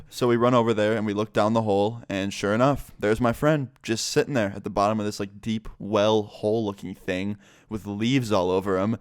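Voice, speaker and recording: A young man's fairly low, steady, smooth voice moves a little fast as he spins a rambling, profanity-filled story for his YouTube vlog, full of fillers. The recording is dry and studio quality.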